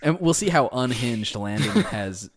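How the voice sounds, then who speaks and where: A man's voice: mid-range voice, lively intonation, unhurried, dry recording. A man co-hosting a podcast and wrapping up the episode in casual chat. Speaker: podcast co-host.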